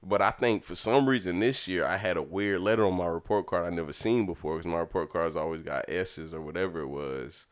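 This young podcaster tells easygoing tales from his childhood, often laughing and voicing the characters' lines. His low, smooth voice moves a little fast, with few pauses.

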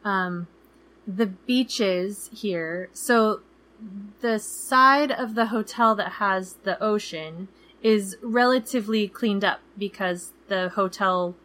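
A woman's voice: mid-range voice, slow pace, a bit bright. Chatty woman podcast host with fillers. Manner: chatty, many fillers, acts out quoted people. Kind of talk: casual chat.

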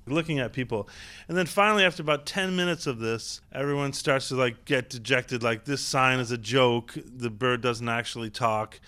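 A man, an actor guest, telling lively anecdotes in a casual interview and laughing often. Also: mid-range voice, normal speed. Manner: animated, laughing raconteur.

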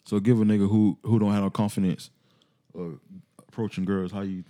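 A man with a low, mellow voice chimes in quickly on a podcast, mostly agreeing and backing the others up. His tone stays relaxed and dark. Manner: agreeable, backs the speaker up. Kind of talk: casual podcast chat.

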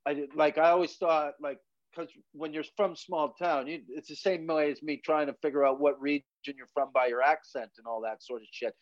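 Brief: male comedian guest from Canada, slightly high voice, rambling profane yarns, dry muffled audio. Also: fairly even intonation, a little fast, dry recording. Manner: rambling, profane, says "man" a lot. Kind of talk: casual storytelling chat.

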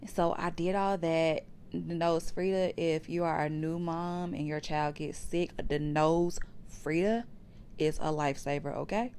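Gravelly low-voiced woman sharing her story. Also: fairly even intonation, a little slow, darkish tone. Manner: conversational, addresses listeners as y'all. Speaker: podcast host. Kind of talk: personal storytelling to listeners. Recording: faint background hiss.

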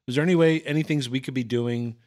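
A man's voice: medium pitch, fast talker, darkish tone. A man hosting a podcast, asking questions in a loose, casual way and swearing offhandedly. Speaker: podcast host. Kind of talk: casual interview chat.

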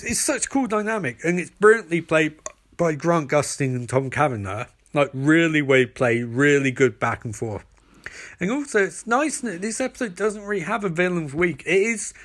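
A man reviewing a TV episode in a casual vlog. He rambles, repeats himself and fills his talk with "like" and "um". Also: on the high side. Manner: rambling, filler-heavy, repetitive.

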